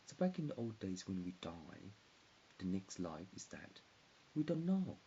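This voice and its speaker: A man's voice: low voice, sing-song, measured pace, mellow. A man in his forties rambling in a disjointed stream of consciousness, often dropping into whispers. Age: 40s. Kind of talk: rambling monologue. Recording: dull hissy lo-fi recording.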